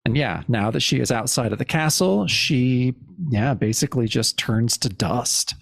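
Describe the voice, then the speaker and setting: A man's voice: medium pitch, normal speed, creaky, dry recording, clean studio sound. A male podcast co-host recapping a comic in a casual, rambling way, with frequent restarts. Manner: rambling retelling with many restarts. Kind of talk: casual comic-book discussion.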